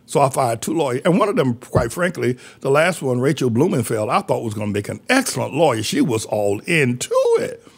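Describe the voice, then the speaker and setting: Gravelly, husky older male pastor. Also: medium pitch, fairly quick. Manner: animated, acts out quoted callers in his own voice. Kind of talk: preaching storytelling.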